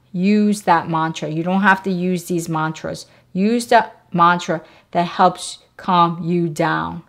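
Woman, self-help vlogger with a lowish voice, calm and repetitive, walks the listener through steps. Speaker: wellness vlogger. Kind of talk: instructional self-help talk.

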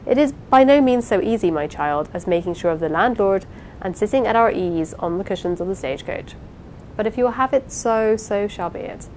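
A woman voicing a kindly old foreign man, a sorrowful uncle who speaks softly and pleadingly, in a storybook reading. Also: mid-range voice, lively intonation, fairly quick, slight background noise, natural voice, low-quality recording. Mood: weary.

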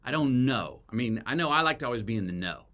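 A man's voice: medium pitch, animated, fast, fairly bright tone. A man being interviewed as an author, talking casually and acting out quoted lines with a folksy, storytelling manner. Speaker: guest, author.

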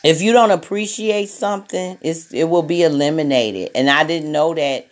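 A woman's voice: sits low, moderate pace. Woman podcast host, frank and salty, rambling casual monologue. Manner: blunt and profane, with many repetitions.

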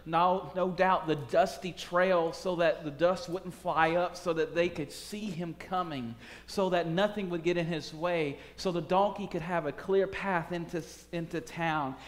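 Slow-preaching man in a reverberant hall. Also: sits high. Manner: dramatic swings from soft to loud, urgent calls. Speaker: pastor. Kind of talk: sermon.

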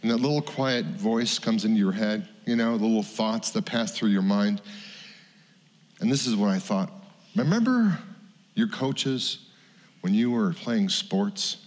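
Middle-aged pastor telling a story in a reverberant church. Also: male voice, on the low side, unhurried. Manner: conversational, animated storyteller acting out quotes. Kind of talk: sermon storytelling. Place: church sanctuary.

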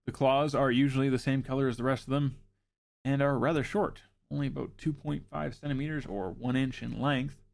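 A man's voice: medium pitch, steady tone, brisk, creaky, darkish tone. Male host, mid-range voice, reads notes with wry asides. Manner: wry, joking asides between read facts. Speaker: show host. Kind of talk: reading informational notes with casual asides.

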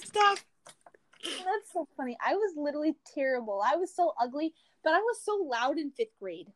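High-pitched young woman telling stories. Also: normal speed, no room sound. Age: young adult. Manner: animated storytelling, laughs often. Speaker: co-host. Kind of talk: casual chat among friends.

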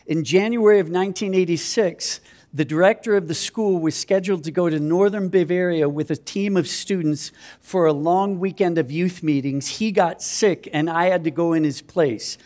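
A man's voice: high voice, normal speed, darkish tone. A man in his fifties from Minnesota, a missionary giving an earnest, self-deprecating personal testimony. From Minnesota, USA. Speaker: missionary speaker.

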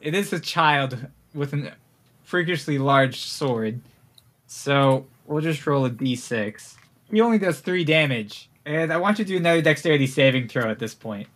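A man running a tabletop game as game master, narrating with relaxed, halting delivery. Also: a little high.

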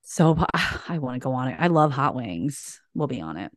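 A woman with a low voice chats as co-host on a video call, bubbly and gushing. The sound is close and dry, with no room around it. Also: very animated, dry recording. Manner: bubbly and gushing, quick to laugh. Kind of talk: casual chat.

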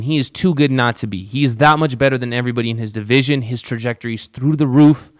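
A man's voice: medium pitch, quick pace, hardly any pauses. A man hosting a casual podcast, bluntly breaking down an upcoming fight with plenty of swearing and 'bro'. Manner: blunt, swearing, calls listeners bro. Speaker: podcast host. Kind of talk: casual fight-prediction talk.

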